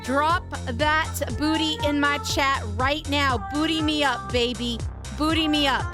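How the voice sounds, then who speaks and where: Flirty high-voiced woman streamer. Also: fairly even intonation, unhurried. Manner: flirty, teasing, playful. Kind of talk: casual live-stream chat. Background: music.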